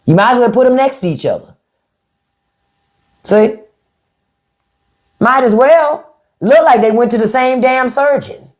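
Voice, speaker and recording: On a phone or webcam live stream, a podcast host speaks bluntly to her viewers in unfiltered commentary loaded with profanity. Her voice is on the high side with lively intonation, a measured pace, and frequent pauses.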